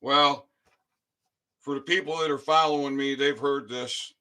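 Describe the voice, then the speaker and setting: A man explaining his court filing to followers in a casual vlog, reading documents aloud and slowing down to stress key phrases, with frequent "all right?" check-ins. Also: medium pitch, fairly even intonation, sharp tone, clear, resonant tone.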